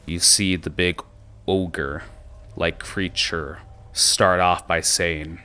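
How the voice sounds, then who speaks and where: Male game master, low and bright-toned, relaxed narration with frequent pauses. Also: smooth.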